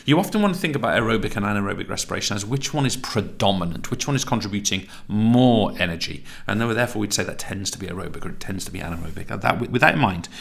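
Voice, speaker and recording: A man's voice: fairly low pitch, animated, quick pace, vocal fry, few pauses. A man teaching a recorded tutorial lesson, chatty and self-correcting, laughing at his own slips.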